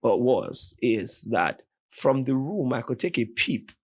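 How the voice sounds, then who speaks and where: A Nigerian man, a podcast guest, telling a story with animated, vivid retelling and voiced quotes. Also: mid-range voice, takes it slowly, slightly rough. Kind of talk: dramatic storytelling in conversation.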